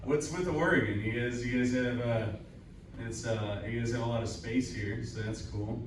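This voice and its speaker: Rambling stand-up comic in an echoey room. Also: male voice, mid-range voice, normal speed. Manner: self-deprecating, rambling, crude deadpan delivery. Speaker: stand-up comedian. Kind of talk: stand-up comedy set. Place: upstairs room of a cider house at a live show. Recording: very echoey room, voice from far off, faint room noise.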